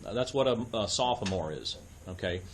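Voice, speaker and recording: A man's voice: on the low side, expressive, normal speed, slight background noise. A man giving a conversational Bible study lecture at a church, often checking in with his listeners and adding dry asides. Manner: loose, with frequent fillers and dry asides.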